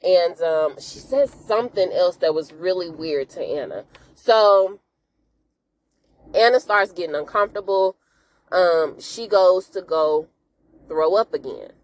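A woman hosting a podcast, retelling a TV episode in a chatty, animated way full of slang and asides. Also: on the low side, measured pace, a little hiss or hum. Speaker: podcast host. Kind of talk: casual episode recap.

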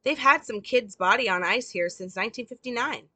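A woman's voice: fairly high pitch, brisk, sharp tone, voice pushed up. A woman reading the lines of a matter-of-fact male police officer from a script in a plain way.

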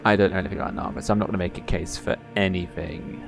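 Deep-voiced dude at a tabletop game, dry jokes, thinking out loud. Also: male voice, fairly even intonation, very fast, creaky, faint music behind. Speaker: player.

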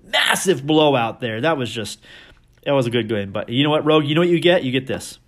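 A man's voice: medium pitch, a little fast. Rowdy, teasing podcast host man. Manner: rowdy, joking, teasing league members; energetic with big swings in loudness. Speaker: fantasy football league podcast host. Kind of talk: casual podcast recap.

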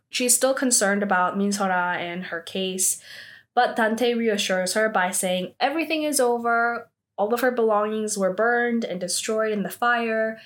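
A woman casually recapping a TV drama episode, chatty and animated, with lots of fillers and acted-out quotes. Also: medium pitch.

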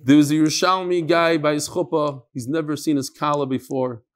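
A man with a fairly high speaking voice leads an informal Talmud class in a room with listeners. He drifts from the text into asides and wisecracks, dropping Hebrew and Yiddish terms into his English as he goes. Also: steady tone, brisk. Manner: digressive and joking, mixing in Hebrew and Yiddish terms. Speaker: rabbi teaching a class. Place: classroom with a live audience.

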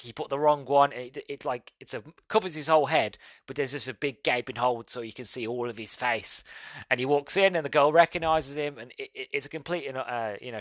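A man's voice: medium pitch, bright, forceful tone, no echo. A man hosting a podcast, reviewing a film in casual, rambling talk that goes off on tangents and breaks into laughs. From Britain. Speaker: podcast host.

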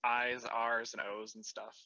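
A man from the United States chats casually with friends, joking and laughing often. His voice is bright and forward. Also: medium pitch, level tone, a little slow, dull audio. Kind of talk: casual group chat.

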